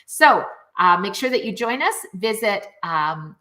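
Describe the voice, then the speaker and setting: A middle-aged woman teaching music in an online video, her voice bright and ringing. She talks straight to the viewers, upbeat and animated, her pitch swooping up and down. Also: normal speed, hardly any pauses. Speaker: music teacher and program founder.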